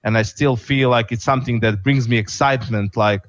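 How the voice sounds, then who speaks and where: A man's voice: medium pitch, fairly even intonation, brisk, dry recording. A man on a podcast talking earnestly and from the heart, with lots of fillers. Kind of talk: casual podcast chat.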